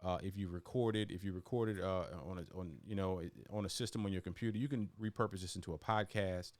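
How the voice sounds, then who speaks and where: A man with a low voice and steady tone talks fast while hosting a casual video-call interview. He is chatty and often repeats and restarts his words, and the audio has no room sound.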